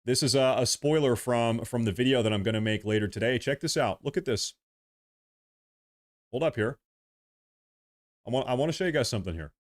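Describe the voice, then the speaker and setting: Brief: American man, heated livestream commentator, combative, repeats himself, medium pitch, headset mic. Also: brisk, long pauses. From United States. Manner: swings between loud and low mutters. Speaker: political livestream host.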